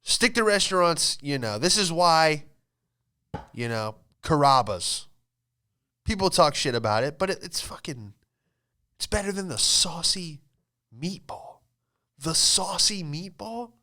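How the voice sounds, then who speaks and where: Male podcast host, smooth clear voice, profane and exasperated storyteller. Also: a little high, sing-song, measured pace, long pauses, sharp tone. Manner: profane, rambling and exasperated, with frequent laughs. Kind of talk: casual storytelling monologue.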